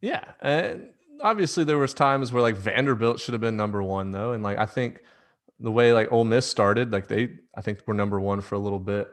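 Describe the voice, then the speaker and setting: A man's voice: lowish voice, fairly quick. A man hosting a casual sports podcast, talking in a rambling way full of fillers and often laughing. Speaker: podcast host.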